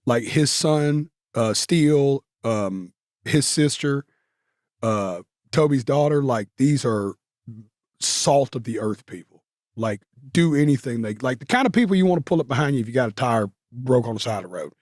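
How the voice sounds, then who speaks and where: A man's voice: medium pitch, animated, moderate pace, a little mellow, dry recording, clean studio sound. A man, telling stories casually as an interview guest, with lots of fillers. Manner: drawling Southern talk with many fillers.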